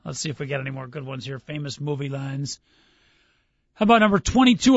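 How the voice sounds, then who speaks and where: Upbeat radio host, slightly higher voice. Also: male voice, expressive, quick pace, no room sound. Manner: upbeat quizzing, reads lines aloud, laughs easily. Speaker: radio sports talk host. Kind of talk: casual radio chat. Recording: dull dry studio sound.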